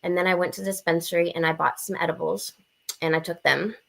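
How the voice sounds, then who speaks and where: A young adult woman telling a story on a podcast in a blunt, profane, animated way, acting out the quotes. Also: lowish voice, fast talker, gravelly. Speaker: podcast guest. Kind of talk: casual storytelling.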